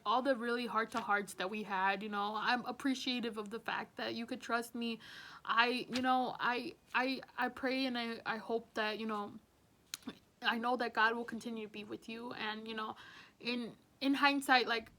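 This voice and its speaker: A woman's voice: a little high, pushed and bright. A young woman working as a teaching assistant gives a heartfelt farewell message to her students, rambling earnestly with many fillers.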